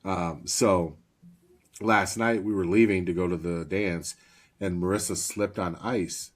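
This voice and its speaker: Deep-voiced swearing podcast co-host. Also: male voice, steady tone, a little slow. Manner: laughs often, swears freely, storytelling. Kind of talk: casual podcast chat.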